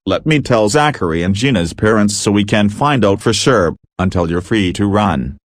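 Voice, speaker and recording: Duncan, a low synthetic cartoon man in text-to-speech. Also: normal speed, dry recording, clean studio sound. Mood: friendly. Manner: steady computer reading.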